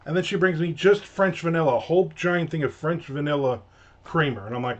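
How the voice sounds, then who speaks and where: A man telling a casual, exasperated story with animated voices and free swearing. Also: on the high side, a little fast, lo-fi sound. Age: adult.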